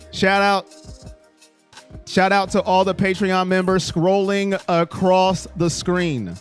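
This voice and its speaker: Casual live-stream host, male, a touch high-pitched, rambling and reactive to chat, faint music underneath. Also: fairly even intonation, slow, smooth.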